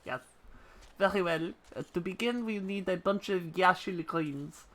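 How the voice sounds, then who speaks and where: A man's voice: sits high, a little slow, fairly bright tone, low-quality recording. A man reading out the lines of a formal noble chocobo trainer in a put-on French accent, stumbling over some words. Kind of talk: reading game dialogue aloud on a live stream.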